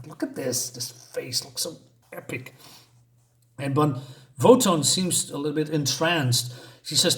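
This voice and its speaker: A man's voice: a little high, unhurried, pauses often, fairly bright tone. Hesitant man retelling a comic. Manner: hesitant, many fillers and restarts. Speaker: comic book reviewer.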